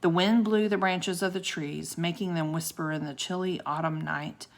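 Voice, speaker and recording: A woman reading a children's chapter book aloud in an expressive storytelling manner. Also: fairly low pitch, normal speed.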